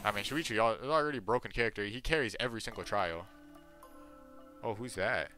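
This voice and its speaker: A man commentating on a video game playthrough in a playful, jokey way with bursts of loud excitement. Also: lowish voice, fast talker, faint music behind. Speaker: gaming streamer. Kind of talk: let's play commentary.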